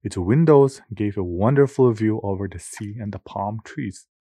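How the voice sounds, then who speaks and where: Reading a children's audiobook, a man narrates from a script in a measured, expressive way. His voice is on the low side, captured in a dry recording with clean studio sound.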